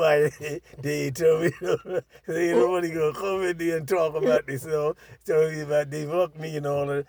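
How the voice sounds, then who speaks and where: Older man, casual storyteller, profane and animated, slightly high voice. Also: normal speed, hardly any pauses, dry recording.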